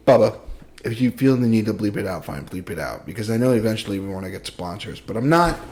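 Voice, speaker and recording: A man's voice: mid-range voice, darkish tone. Young guy cohosting a podcast, swears a ton, rambly jokey rants, voice jumps all over. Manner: profane, rambling, joking rants. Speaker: podcast co-host. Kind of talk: casual podcast chat.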